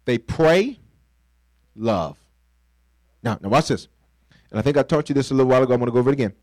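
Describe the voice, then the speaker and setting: A mid-range, slightly mellow voice with lively intonation carries this pastor's fast-paced sermon. Playful and conversational, he uses call-and-response to have the congregation complete his lines and acts out small scenes. The recording is dry and poor.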